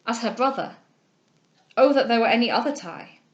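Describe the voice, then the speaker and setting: A woman reading aloud gives voice to a humble, lovesick young gentleman, earnest and emotional. The voice sits a little high and swells with feeling. Every line comes out pleading and anxious. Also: brisk, highs cut off, close to an everyday voice. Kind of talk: audiobook character reading.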